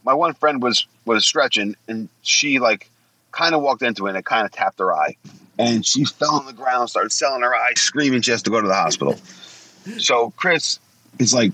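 Animated, bright and forceful, a mid-range male voice with a breathy edge talks a little fast as a guest in his forties telling casual, profane stories. He is blunt, swears often, and acts out what people said. The recording is low quality.

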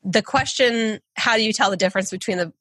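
A woman's voice: medium pitch, fast talker, a bit bright, breathy edge, dry recording. A woman guest on a podcast, speaking earnestly and encouragingly about intuition in casual conversation.

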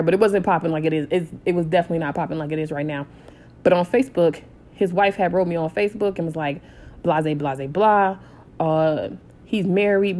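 A woman in her thirties telling a personal story in a casual, animated way, blunt and swearing freely. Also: on the low side. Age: 30s. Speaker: storytime vlogger.

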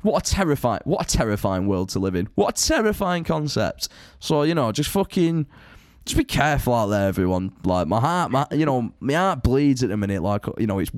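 A man's voice: medium pitch, sing-song, brisk, no room sound, studio quality. A man co-hosting a podcast, ranting in sweary, casual chat. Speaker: podcast co-host.

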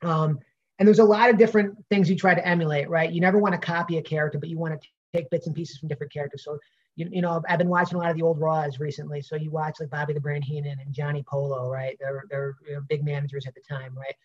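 A man's voice: fairly high pitch, level tone, fast talker, dull audio. A man with a Brooklyn accent, a pro wrestler answering interview questions in a rambling way with many fillers and restarts.

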